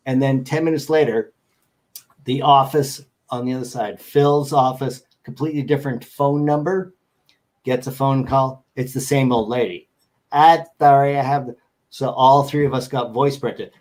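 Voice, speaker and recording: A man's voice: mid-range voice, a little mellow. A man chatting as a guest on a show, rambling and joking as he tells stories over a video call. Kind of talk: casual chat.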